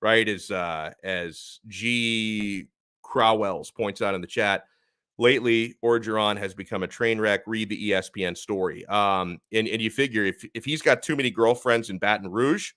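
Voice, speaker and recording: A man's voice: lowish voice, normal speed, pushed and bright, dry recording. A man hosting a live sports talk stream, speaking emphatically and reading out chat comments as he goes.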